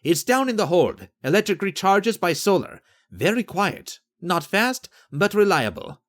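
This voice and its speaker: Guy narrating, doing a chill boat crewman, higher, breezy, matter of fact. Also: very animated, a little slow, fairly bright tone, exaggerated voice. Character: easygoing male boat crewman, knowledgeable, relaxed.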